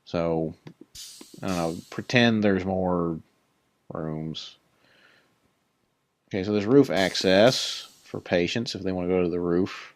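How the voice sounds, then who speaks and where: A man's voice: low voice, takes it slowly, long pauses, no echo. A man casually touring his Minecraft build, rambling and self-deprecating, chatting to creatures in the game, his voice a little worn. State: voice a bit worn. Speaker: Minecraft builder giving a tour. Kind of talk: casual let's-play commentary.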